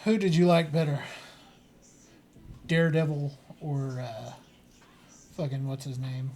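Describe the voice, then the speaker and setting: A man with a higher voice jokes around in a casual podcast chat, in quick asides. Clear background noise runs under him. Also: steady tone, a little mellow. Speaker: podcast co-host.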